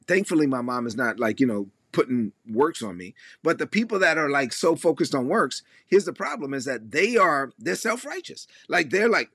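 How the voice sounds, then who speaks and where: A man preaching a sermon in a lively, conversational way, acting out the voices of the people he quotes. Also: on the high side, breathy edge, dry recording, studio quality. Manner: animated, acts out quoted voices. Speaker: pastor.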